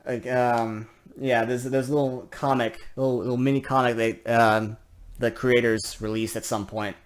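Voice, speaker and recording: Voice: medium pitch, flat delivery. Let's player reading game lines aloud. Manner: voices every character in turn, with quick asides. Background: game music.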